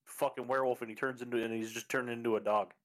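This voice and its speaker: A man's voice: mid-range voice, fairly even intonation, quick pace, a bit bright. A man in casual chat with friends, teasing and swearing freely.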